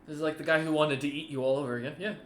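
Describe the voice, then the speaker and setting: A man's voice: on the high side, steady tone, rapid-fire, roomy sound, a little hiss or hum. A man narrating a tabletop game as game master, rambling with fillers and restarts.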